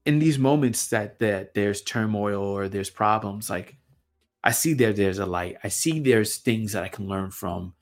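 Gravelly low-voiced man reflecting slowly. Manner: halting, repeats words, many fillers. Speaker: podcast host. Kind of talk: reflective personal monologue. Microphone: camera mic.

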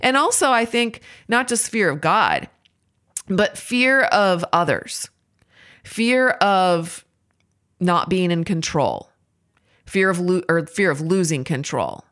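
A woman's voice: fairly low pitch, lively intonation, slow, fairly bright tone. A woman speaking in a candid, self-examining way, giving a reflective monologue on faith and parenting.

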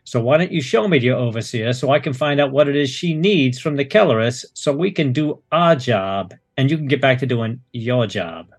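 A man's voice: mid-range voice, moderate pace, few pauses, slightly rough, no echo, clean studio sound. Krieg, a man playing a cocky sarcastic operative. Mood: brash. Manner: sarcastic, brash and confident. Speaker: player.

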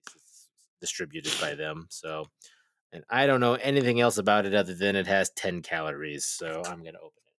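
A man's voice: low-pitched, a little fast, fairly bright tone, dry recording. A man co-hosting a podcast, easygoing and self-mocking as he introduces a segment. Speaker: podcast co-host. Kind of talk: casual podcast chat.

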